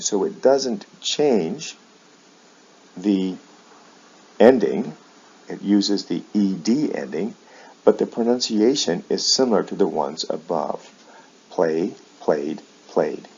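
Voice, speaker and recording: Deep-voiced male teacher, slow careful diction, husky, muffled lo-fi recording. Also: expressive, dark tone. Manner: slow, careful enunciation of example words. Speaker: English teacher. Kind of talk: slow explanatory pronunciation lesson. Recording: dull lo-fi sound.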